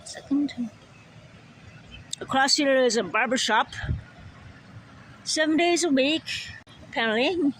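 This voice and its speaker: Slightly hoarse rambling street vlogger. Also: high-pitched, slow, pauses often, a bit bright, a little hiss or hum, low-quality recording. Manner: rambling, repeats words. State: a bit hoarse, just woke up. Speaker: live-stream vlogger. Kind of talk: casual walking livestream chat. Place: outdoors on a city street.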